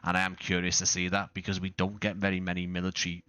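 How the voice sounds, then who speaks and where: An adult father, not Australian, streams a flight simulator and tours airports in casual commentary, rambling, correcting himself, restarting often, and using frequent fillers. His voice is low, clear, and resonant with a sharp tone, completely flat delivery, and fast pace. There's no echo, with soft music in the background.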